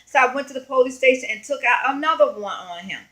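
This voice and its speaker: A woman evangelist speaks to her viewers in a crisp, bright voice that sits a little high. She tells her story in an earnest, conversational way and keeps pausing with fillers as she goes. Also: animated, poor audio. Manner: halting, rambling retelling full of fillers. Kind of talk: personal storytelling vlog.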